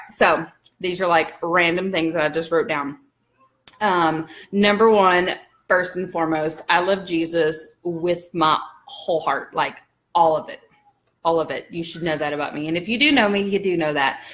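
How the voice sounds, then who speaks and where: A woman from the American South chats brightly into her camera at home. Her Southern accent is easy and relaxed, and her talk wanders with lots of "um"s. It sounds like a casual home vlog. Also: on the low side. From Alabama, US. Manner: chatty and upbeat, many "um"s. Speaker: vlogger. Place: home living room.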